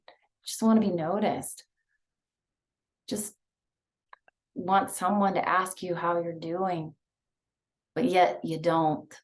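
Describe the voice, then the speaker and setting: A woman leading a guided breathing and visualization exercise, talking softly and soothingly with many pauses. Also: fairly low pitch. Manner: slow, soft, soothing guidance with many pauses. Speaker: mindfulness instructor.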